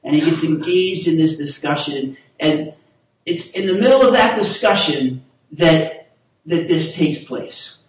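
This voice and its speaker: A man gives a casual, halting sermon, restarting his sentences and getting his listeners to repeat lines back to him. His voice sits high for a man. He sounds distant from the mic, in a hall that rings with heavy echo. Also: animated. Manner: casual, halting with restarts, leads the room in call-and-response. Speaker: pastor. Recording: echoey hall, voice from far off.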